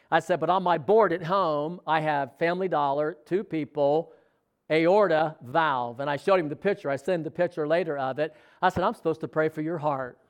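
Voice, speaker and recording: A man preaching a sermon, telling a story with animated excitement and acting out quoted dialogue. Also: a little high. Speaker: pastor.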